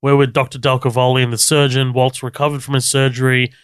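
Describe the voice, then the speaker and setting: A man co-hosting a casual podcast, talking through a TV episode in a relaxed way and swearing easily. His voice is smooth and resonant. The sound is dry and close, with no room to it. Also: mid-range voice, quick pace, dry recording. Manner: laid-back, swears freely, laughs often. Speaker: podcast co-host. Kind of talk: casual chat recapping a TV episode.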